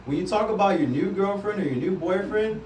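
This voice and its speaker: Giving a live training talk, an energetic man coaches salespeople as their trainer, speaking a little fast with a voice slightly higher than most men's and often checking "right?" with the group. He sounds somewhat distant, with a roomy echo and a faint background hum in the room.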